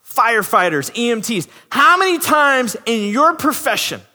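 Animated male pastor, bright and sharp, sermon in a reverberant church hall. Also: extremely high pitch, moderate pace. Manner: animated, rhetorical questions, acts out quotes. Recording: long reverb of a big hall.

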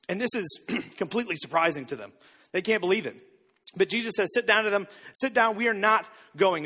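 A man preaching a sermon, telling a story with lively acted-out voices and frequent repeated words. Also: sits high, breathy edge, long reverb tail. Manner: animated storytelling, acts out disciples' lines, repeats words. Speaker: pastor.

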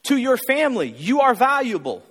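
High-pitched animated preaching man. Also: fairly quick, breathy edge, big-room sound. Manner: emphatic, repetitive preaching with rhetorical questions. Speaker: pastor. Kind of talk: sermon.

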